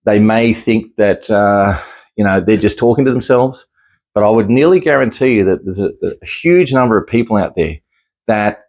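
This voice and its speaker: Deep-voiced man, rambling. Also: expressive, moderate pace, a little mellow. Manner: rambling, with frequent restarts and easy chuckles. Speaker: psychic medium sharing experiences. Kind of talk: casual talk to camera.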